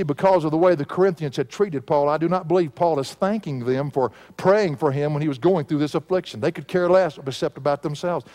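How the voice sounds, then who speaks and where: Male pastor, earnest expository sermon, slightly high voice, dynamic emphasis. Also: darkish tone. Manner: earnest preaching, swelling and dropping with emphasis.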